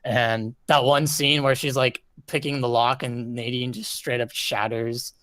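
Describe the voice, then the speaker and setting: A man's voice: mid-range voice, flat delivery, a little slow, fairly bright tone. A man co-hosting a gaming podcast, rambling with lots of "like" as he recounts scenes. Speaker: podcast co-host. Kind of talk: casual chat.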